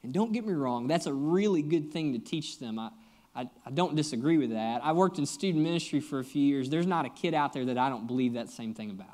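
A man in his thirties preaching a sermon, telling a personal story in an earnest, conversational way and speaking straight to his listeners, with big swings in pitch and volume for emphasis. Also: animated, fast talker, darkish tone. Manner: conversational, earnest, addresses the congregation directly. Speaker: pastor.

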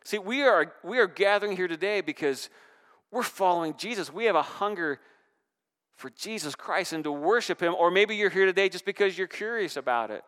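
A male pastor preaching to his congregation with lively, swelling emphasis. His voice sits a little high and sounds smooth and resonant. It carries a long reverb from the church hall around him. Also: a little fast. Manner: animated preaching with rising and falling emphasis. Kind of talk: sermon. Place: church sanctuary.

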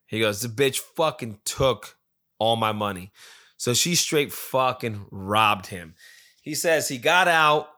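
A man's voice: medium pitch, sharp tone. Rambling, cursing man telling a story. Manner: profane, rambling, acts out quoted friend; loses track and corrects himself. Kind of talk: casual storytelling.

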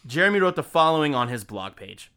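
Bright-voiced man swearing casually. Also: a little high, sing-song, fast talker, clean tone. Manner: profane, joking, reads quotes in mocking voices. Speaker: podcast co-host telling a true crime story. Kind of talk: casual chat with crude jokes.

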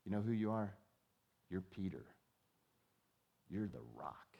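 A wise, gentle teacher speaks to a follower in a slow, low and intimate voice, as a man plays him. His tone is deep and quiet. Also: sing-song, creaky, husky, highs cut off, full character voice. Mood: tender, solemn.

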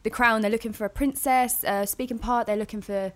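A woman's voice: on the high side, fairly even intonation, brisk. A young woman, a guest actress, telling stories in a chatty, laughing way on a casual podcast. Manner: chatty storyteller, laughs often, many "like"s.

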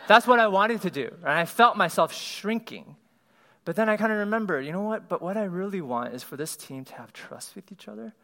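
A man's voice: high voice, expressive, fairly quick, vocal fry, sharp tone. A man giving a conversational sermon, laughing lightly and often asking his listeners "right?".

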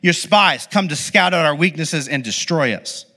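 A man's voice: a little high, expressive, normal speed, pushed and bright. A man preacher acting out a vengeful man who taunts his brothers, harsh and theatrical. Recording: long hall reverb.

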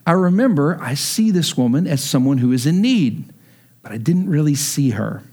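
Pastor, man, 30s, from texas, high voice, storytelling sermon that builds to emphatic preaching. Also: lively intonation, normal speed, a little mellow.

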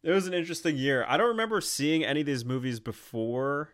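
A man's voice: fairly high pitch, very animated, fast talker, a bit bright. A young man co-hosting a casual film podcast, joking and teasing with sarcastic asides. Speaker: podcast co-host.

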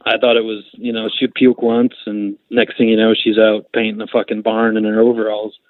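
A man's voice: on the low side, completely flat delivery, a little fast, no echo, narrow, tinny audio. A man talking casually as a podcast guest, blunt and crude in his joking. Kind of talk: casual chat.

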